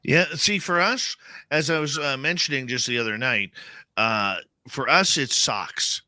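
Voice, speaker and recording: Bright, dry-voiced male radio host. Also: mid-range voice, unhurried, no echo. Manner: conversational, heartfelt, says "man" a lot. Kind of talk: casual radio chat.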